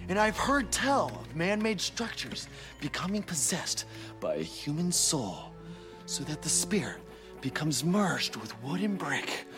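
A man's voice: on the high side, big pitch swings, unhurried. An actor playing an eccentric male video-store monster expert, speaking in a theatrical, mysterious way over film music. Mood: ominous. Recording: film clip with music behind.

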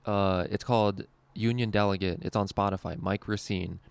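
A man's voice: lowish voice, steady tone, normal speed, gravelly, smooth, no room sound. A young adult man, a stand-up comedian hosting a podcast, telling stories in rambling, profane casual chat and laughing often.

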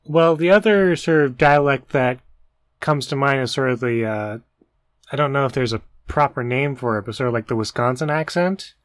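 A man with a mid-range voice co-hosts a relaxed educational podcast and jokes about himself. The recording is dry and close, with no room sound. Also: medium pitch, moderate pace, no echo. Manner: self-deprecating, jokey. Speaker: podcast co-host. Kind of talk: casual educational chat.

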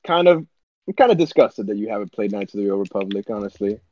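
A young man in casual chat, excitable, swearing and saying man a lot. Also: fairly low pitch, fast, no echo. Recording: slightly dull sound.

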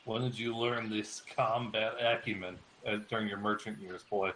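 A man voicing a gruff male orc, a veteran soldier, in a tabletop game, giving blunt, curt replies. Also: fairly low pitch, little pitch movement, normal speed, fairly bright tone, a little hiss or hum, natural voice, rough recording. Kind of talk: tabletop role-play, in character.

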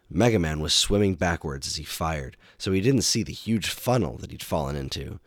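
Deep-voiced man reading a storybook. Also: dry recording, clean studio sound. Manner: steady, expressive storytelling. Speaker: narrator.

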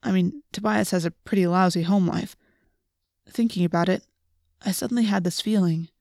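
A woman narrating a first-person audiobook in a steady, plain storytelling manner. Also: lowish voice, normal speed, creaky, no room sound, studio quality.

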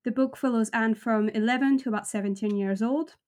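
A woman with a somewhat high voice hosts a casual podcast chat. She laughs easily and reads book passages aloud with plenty of expression. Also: a little fast. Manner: reads extracts with lively expression, laughs often. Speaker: podcast host.

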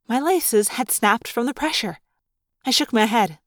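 A woman narrating a first-person story aloud as a fan audiobook reader, with a lively, expressive delivery. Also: on the high side, measured pace, no room sound, clean studio sound.

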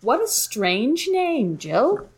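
A man doing a slow, stiff news anchor. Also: extremely high pitch, wildly swooping pitch, breathy edge, voice pushed up, heavily acted. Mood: mock-serious. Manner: measured newsreader delivery.

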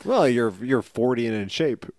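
A man's voice: medium pitch, sing-song, normal speed, a little mellow, no echo. Dry-voiced man tossing off wisecracks. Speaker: podcast co-host. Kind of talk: casual comic chat.

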